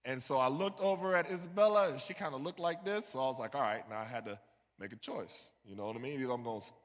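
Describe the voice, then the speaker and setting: A fast-talking New Yorker with a medium-pitched voice tells a personal story as a conversational sermon, repeatedly asking "you know what I mean." He's speaking in a church sanctuary, and the recording carries long hall reverb.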